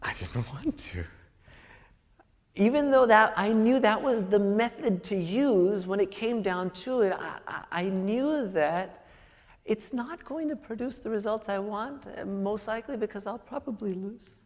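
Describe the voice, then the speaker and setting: A man preaching to a congregation in a large hall with a long trailing reverb. His pitch swings widely as he tells personal stories and climbs to emphatic points. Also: animated, a little slow. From United States. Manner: storytelling, rising to emphatic peaks. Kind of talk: sermon.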